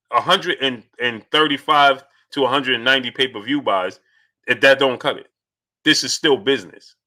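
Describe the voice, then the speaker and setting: A man hosting a casual live stream about boxing, arguing his points with energy while greeting viewers by name and reading their super chats. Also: medium pitch. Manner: animated, greets viewers by name mid-argument.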